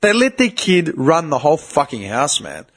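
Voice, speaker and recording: A young man hosting a podcast, talking in a casual, animated, swearing way and mimicking other people in quoted voices. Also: on the high side, normal speed. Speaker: podcast host.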